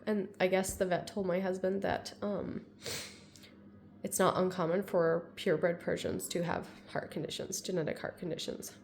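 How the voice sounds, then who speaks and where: A woman in her thirties talks straight to her viewers in a loose, rambling vlog, leaning on "like" again and again. Her voice carries a lot of vocal fry and sounds raw with emotion, close to tears. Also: lowish voice, little pitch movement, normal speed, a little mellow. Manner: rambling, heavy use of "like", tearful. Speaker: vlogger. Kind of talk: casual personal vlog.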